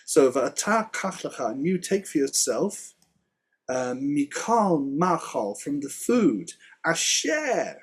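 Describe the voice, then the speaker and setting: A man teaching Hebrew words in a relaxed Torah study conversation, chatty and quick to laugh. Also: on the high side, breathy edge. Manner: chatty, laughs often, explains word by word. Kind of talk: casual Torah study chat.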